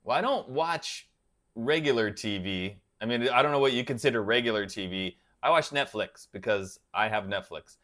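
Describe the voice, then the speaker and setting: A man's voice: medium pitch, lively intonation, moderate pace, fairly bright tone. A man hosting a casual livestream, chatting loosely and answering viewers by name. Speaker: guitar channel host reading live chat.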